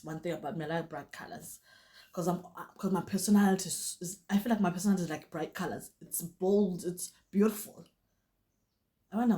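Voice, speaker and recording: A young woman with a South African Xhosa accent, chatting animatedly through a storytime vlog and often dropping into Xhosa. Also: medium pitch. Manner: animated, switches into Xhosa, many restarts. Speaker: vlogger. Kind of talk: casual storytime chat.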